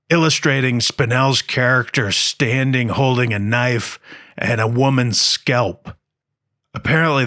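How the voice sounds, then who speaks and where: A man's voice: mid-range voice, a bit bright, dry recording. Dry-witted male podcast host. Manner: dry, wry asides. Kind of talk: scripted horror-history narration.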